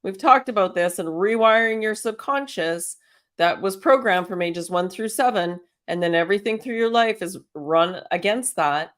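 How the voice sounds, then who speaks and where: A woman's voice: medium pitch, moderate pace, fairly bright tone. A woman hosting a casual spiritual self-help talk, chatty and encouraging, firing off strings of rhetorical questions and laughing often. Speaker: host.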